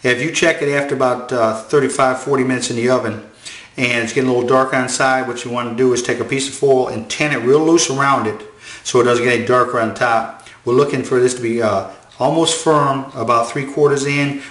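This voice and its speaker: Male chef host, folksy down-home delivery, mid-pitched voice, roomy kitchen echo. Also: steady tone, fast, a bit bright. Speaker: chef, cooking show host. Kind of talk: home cooking demonstration.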